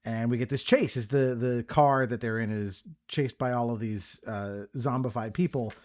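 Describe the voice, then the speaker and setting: A man guesting on a podcast who retells scenes in a loose, easygoing way and leans on fillers. His voice sits at a middle pitch. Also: normal speed. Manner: relaxed recapping, many fillers. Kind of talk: casual movie discussion.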